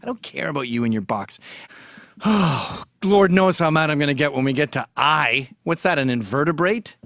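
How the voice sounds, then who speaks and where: A man's voice: fairly high pitch, animated, normal speed, a bit bright, no echo, studio quality. A man delivering a sarcastic, mocking comic rant straight to camera as a commentator.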